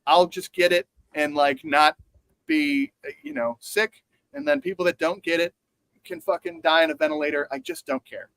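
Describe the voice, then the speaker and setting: A man co-hosting a casual chat show, animated and sarcastic, swearing freely. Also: a little high, normal speed, vocal fry, dry recording, rough recording. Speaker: podcast co-host.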